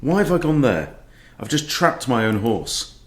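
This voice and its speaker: A mid-range, sing-song male voice, a little slow, belongs to a middle-aged chess coach commentating his own online games live. He is self-mocking and exasperated, sighing often, and the echoey recording has a little hiss or hum.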